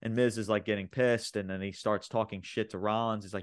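A man's voice: fairly low pitch, fairly even intonation, a little fast, no echo, studio quality. A man co-hosting a wrestling podcast, recapping a show in casual, profane chat full of fillers and laughs. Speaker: podcast co-host.

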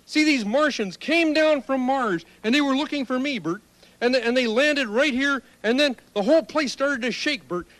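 An actor playing an excitable, childlike male puppet in a children's TV sketch, repeating his friend's name constantly. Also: very high-pitched, dry recording, rough recording.

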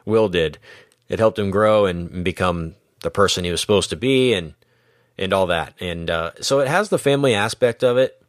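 Podcast co-host, male, very low voice, loose rambling delivery, dry close mic. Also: moderate pace, no echo. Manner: rambling, self-correcting, laughs often. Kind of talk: casual movie-review chat.

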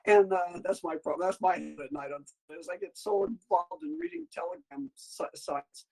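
A woman's voice: medium pitch, very animated, moderate pace, creaky, a little mellow, poor audio. Woman doctor guesting on a chat show, rambly and talkative, hops from topic to topic. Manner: chatty, meandering, jumps between topics. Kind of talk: casual interview chat.

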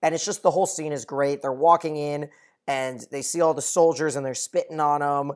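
A podcast co-host retelling TV scenes in relaxed, chatty talk, laughing easily along the way. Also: medium pitch, fairly quick. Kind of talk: casual TV recap chat.

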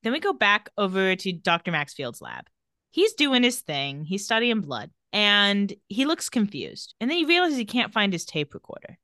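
A woman's voice: mid-range voice, moderate pace, no room sound. A woman retells a TV episode to her co-host with a voice that leaps up and down all through her sentences. She talks in slang and swears freely, and the sound is dry and close with no room around it. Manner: animated storytelling, slangy and sweary. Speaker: podcast co-host recapping a TV episode. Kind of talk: casual recap chat.

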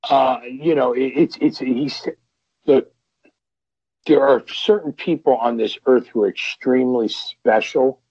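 A man's voice: medium pitch, unhurried, a little mellow, breathy edge, no room sound. A middle-aged man, a veteran pro wrestler, telling road stories as a podcast guest in a rambling way, full of restarts and repeated words. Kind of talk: storytelling podcast interview. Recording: dull lo-fi podcast audio.

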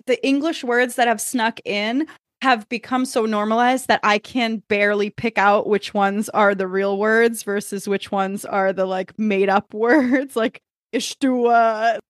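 Slow-talking woman in a dry, close recording. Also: medium pitch, steady tone, no echo. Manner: laughing, easygoing. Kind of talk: casual chat.

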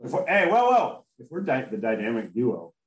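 Male podcast host, animated and profane, roomy recording. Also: mid-range voice, moderate pace. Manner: animated, excitable, swears freely. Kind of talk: casual chat. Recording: roomy echo.

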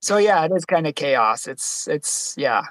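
A man's voice: animated, measured pace, no echo. A young man chatting on a livestream, telling stories and acting out the quoted people. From Boston, USA. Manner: chatty storyteller, acts out quotes in higher voice. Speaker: podcast host. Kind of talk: casual livestream chat.

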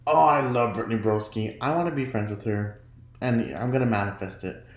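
A man hosting his own podcast in casual solo chat, chatty and giggly, often jumping into high mock voices when he quotes himself. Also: fairly quick, reverberant. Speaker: podcast host.

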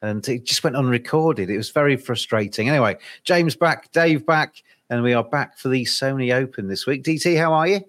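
A man with an English accent hosting a golf betting podcast, relaxed and joking as he reads out odds. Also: mid-range voice, moderate pace. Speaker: podcast host. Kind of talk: casual podcast chat.

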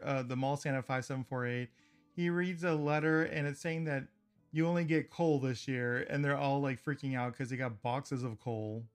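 A man hosting a podcast, casually recapping a cartoon episode. He is chatty and laughs often between remarks. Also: on the high side. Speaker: podcast host.

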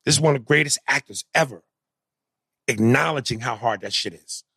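A man hosting a casual chat, talking in an animated, emphatic and profane way. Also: mid-range voice, brisk, husky, no room sound, studio quality.

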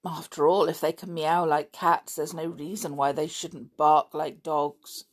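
A cheeky schoolboy played by a woman reading aloud plays innocent in a bright, breezy tone. The voice sits a touch higher than the reader's own and stays slow. A husky grain runs under it. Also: flat delivery.

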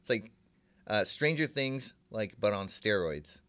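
A man co-hosting a podcast who talks in animated, swear-filled rants. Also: on the low side, measured pace, no echo. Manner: animated, ranting, swears often. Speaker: podcast co-host. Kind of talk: casual chat.

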